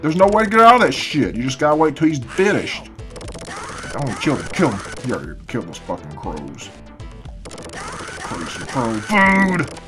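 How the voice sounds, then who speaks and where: A man gives casual let's-play commentary early in the morning, half asleep, swearing constantly and grumbling at the game. His medium-pitched voice swings widely in pitch at a normal speed, with music playing in the background.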